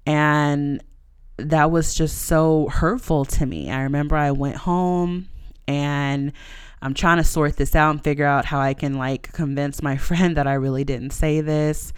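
Young woman podcaster, frank, emotional storyteller, smooth voice, dry close sound. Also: deep voice, fairly even intonation, a little slow, no echo. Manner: emotional, frank, swears casually, many fillers. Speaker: podcast host. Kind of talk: candid personal storytelling.

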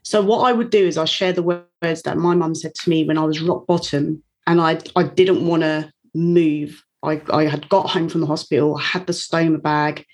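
A woman's voice: sits low, fairly even intonation, normal speed, hardly any pauses, a little mellow. A woman, a guest on an interview, telling a personal story openly and emotionally, laughing now and then. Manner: candid, emotional, laughs often.

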